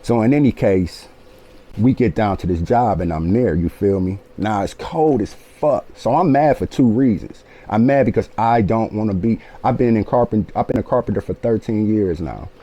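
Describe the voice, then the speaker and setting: A man in his late forties telling a personal story in an animated, profane way, often checking in with his listeners. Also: lowish voice, moderate pace. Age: 40s. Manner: animated, profane, keeps asking "you feel me". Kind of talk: casual storytelling.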